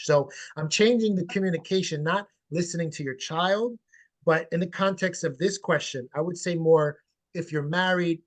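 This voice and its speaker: A man working as a parenting coach, answering webinar questions over a video call in an animated, emphatic way, blunt and sometimes swearing. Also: fairly high pitch.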